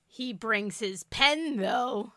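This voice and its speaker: A woman co-hosting a casual podcast chat about a TV show, animated and acting out lines from it. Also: a little high, drawn-out words, dry recording, studio quality. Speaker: podcast co-host.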